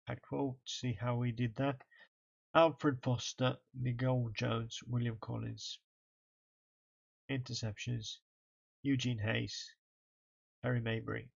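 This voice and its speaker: Tired and yawning, a man gives casual let's-play commentary on a college football game stream, reading through the stats. His voice is medium-pitched and creaky, and the sound is lo-fi.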